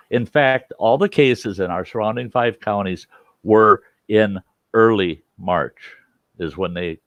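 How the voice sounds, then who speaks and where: An American talk show host with a lowish voice argues insistently in a heated but casual debate, repeating his points. The recording is muffled with no room sound.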